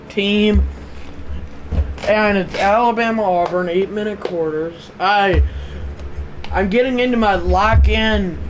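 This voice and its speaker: At home, a man hosting a livestream does mock play-by-play of a football video game, erupting into loud excited calls between low offhand asides to his chat. The audio is poor, with a faint fan humming in the background.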